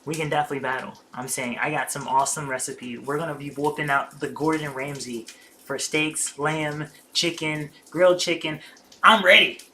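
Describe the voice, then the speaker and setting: Bright, excitable young streamer cooking at home. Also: medium pitch, moderate pace, slight background noise. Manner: excitable, chatty, slangy. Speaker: livestream host cooking. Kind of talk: casual cooking livestream chat. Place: home kitchen.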